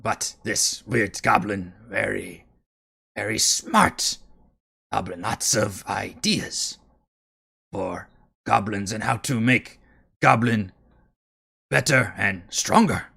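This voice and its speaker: A man voicing a proud male goblin who speaks in halting, broken grammar and boasts about his tribe. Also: fairly low pitch, vocal fry, bright, forceful tone, breathy edge, full character voice.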